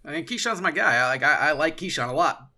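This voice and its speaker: Man, casual podcast banter, fast talker, sharp bright voice, profane. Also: fairly high pitch, expressive. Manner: profane, rambling theorizing. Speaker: podcast co-host.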